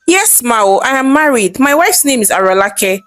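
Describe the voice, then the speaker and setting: A woman's voice: fairly high pitch, sing-song, moderate pace, a bit bright, no echo, soft background music. Woman doing an eager Nigerian policeman. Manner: pleading, exclamatory, with pidgin tags. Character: excitable young male police guard, eager to please.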